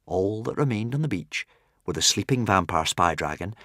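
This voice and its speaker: Animated male storybook narrator. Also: lowish voice, normal speed, no room sound, clean studio sound. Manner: animated, dramatic, playful asides. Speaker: audiobook narrator.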